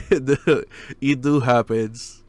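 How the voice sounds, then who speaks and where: A man's voice: mid-range voice, steady tone, very slow, no room sound. A man co-hosting a podcast in casual chat, laughing often and swearing, with some non-native phrasing. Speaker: podcast co-host.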